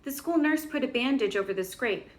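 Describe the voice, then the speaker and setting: Woman reading a children's book aloud in a high, gentle voice. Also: lively intonation, a little fast. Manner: gentle storybook reading with questions to the listener.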